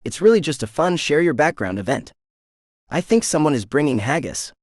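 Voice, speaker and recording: Nosy, welcoming fifties woman doctor with a light Jamaican lilt, read by a man, higher and lively. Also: brisk, no room sound, clean studio sound. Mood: chatty. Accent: slight Jamaican accent as the figure. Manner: chatty, welcoming, a little pushy. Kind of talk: audiobook character voice.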